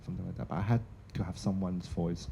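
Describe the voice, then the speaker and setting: A man whose first language is Chinese answers on a discussion panel, halting and hesitant. His voice is very low, gravelly and very dark. The sound is muffled with faint hiss. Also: steady tone. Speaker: panelist poet.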